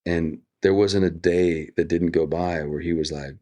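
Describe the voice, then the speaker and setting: A middle-aged American man speaking as an actor guest in an interview, earnest and reflective, telling stories with drawn-out pauses. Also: deep voice, fairly even intonation, dark tone. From United States.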